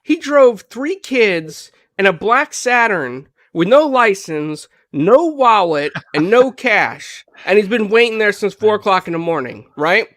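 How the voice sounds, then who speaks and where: A man on a gaming podcast, casually retelling a story in an animated way, full of "like" and "you know". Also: high voice, unhurried, few pauses, no room sound, studio quality. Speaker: podcast panelist.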